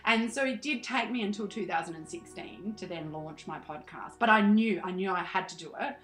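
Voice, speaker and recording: A woman's voice: medium pitch, brisk, fairly bright tone, roomy sound, faint music behind, low-quality recording. An Australian woman in her thirties, a podcast guest chatting animatedly, laughing often and acting out her past self. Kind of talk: casual interview chat.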